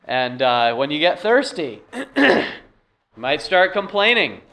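A pastor delivers his sermon in a relaxed, conversational way, often pausing on "uh." His voice sits a little high for a man. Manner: conversational preaching with many "uh" fillers.

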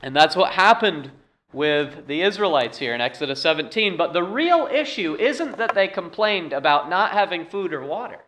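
A pastor delivers his sermon in a relaxed, conversational way, often pausing on "uh." His voice sits a little high for a man. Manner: conversational preaching with many "uh" fillers.

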